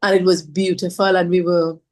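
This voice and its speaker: This woman from Trinidad talks a little fast in a lowish voice with a flat delivery. Telling a heartfelt personal story on a podcast, she is earnest and devout, warmly speaking of faith and repeating phrases for emphasis.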